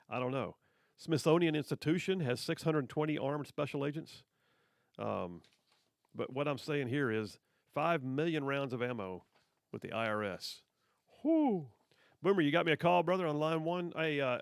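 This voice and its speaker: A man's voice: mid-range voice, creaky, no echo, studio quality. A man hosting a talk radio show, commenting on the news in a folksy, emphatic way and calling people brother.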